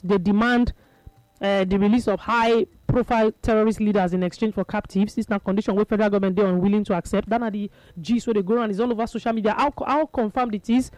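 Nigerian radio host, chatty, in Pidgin. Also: male voice, high voice, a little mellow, no room sound, low-quality recording. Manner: chatty, mixing Pidgin and English, reading texts from listeners. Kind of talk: call-in radio talk show. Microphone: studio microphone.

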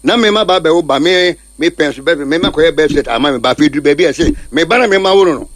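Ghanaian male panelist, quick and fairly high, animated storyteller who repeats words. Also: no room sound. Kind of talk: talk show discussion.

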